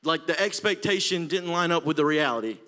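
Passionate Alabama preacher with a bright voice. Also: male voice, on the high side, expressive, a little fast. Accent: Southern US, Alabama. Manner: passionate, swells from quiet to near-shouting. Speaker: youth preacher. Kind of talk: sermon.

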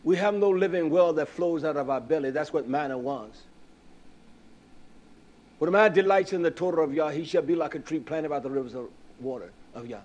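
A man preaching a sermon, swinging from low murmurs to raised, fervent passages and asking the listeners rhetorical questions. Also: a little mellow. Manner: rhetorical questions, drawn-out emphatic words.

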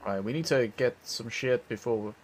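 A man's voice: mid-range voice, normal speed, slight background noise. A man streaming a co-op game, talking laid-back and swearing casually.

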